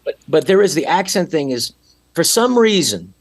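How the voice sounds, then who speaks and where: A man's voice: a little high, sing-song, moderate pace. A man appearing as a podcast guest, explaining his views in an earnest, instructive way. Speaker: guest actor. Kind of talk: casual chat.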